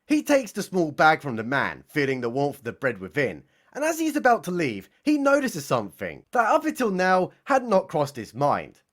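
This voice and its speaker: A man's voice: a little high, huge pitch swings, moderate pace, hardly any pauses. A man narrating a satirical story in a sarcastic, mocking, theatrical way. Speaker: comedy narrator. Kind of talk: mock-dramatic satirical storytelling.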